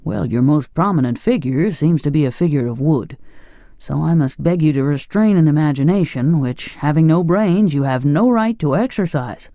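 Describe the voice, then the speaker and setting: A man's voice: a little high, expressive, moderate pace, dark tone, dry recording, clean studio sound. A man voicing a fussy, lofty straw-stuffed king in an audiobook. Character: pompous but kindly straw-stuffed king. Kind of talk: audiobook character voice.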